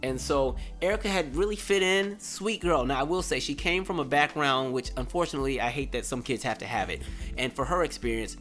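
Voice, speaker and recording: A man in his twenties with a mid-range voice hosts a podcast, telling a story casually at a fairly quick clip over soft background music. He's animated, acting out the people in it by raising his voice for their quotes.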